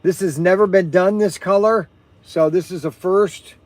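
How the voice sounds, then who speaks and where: An energetic man hosts a casual livestream about his shop's products. His voice sits high, and he rambles with frequent fillers and self-corrections. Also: moderate pace, no room sound. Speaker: host and shop owner.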